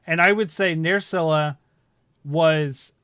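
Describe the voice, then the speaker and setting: A man co-hosting a casual podcast chat, animated and quick to laugh. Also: fairly high pitch, smooth, dry recording, clean studio sound. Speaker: podcast co-host.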